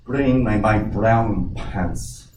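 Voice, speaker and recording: A steady pirate captain gives slow, measured commands, as a presenter puts him on. His tone stays level and deadpan. The mic sits far off in a reverberant room. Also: on the low side, very noisy. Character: calm, commanding old-time pirate captain. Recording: echoey room, distant mic.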